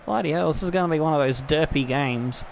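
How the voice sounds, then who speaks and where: A man's voice: a little high, fast, creaky, a little hiss or hum. A man who hosts a gaming channel, commenting on his own football video game match with frequent laughter and swearing. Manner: laughs often, swears freely, excitable. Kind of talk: casual gameplay commentary.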